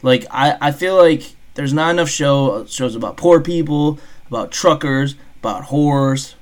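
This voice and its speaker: A man's voice: mid-range voice, measured pace. A man co-hosting a podcast at a microphone, crude and jokey, often laughing at his own jokes. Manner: crass, jokey, breaks into laughter. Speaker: podcast co-host. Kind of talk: crude comedic banter. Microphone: desk microphone.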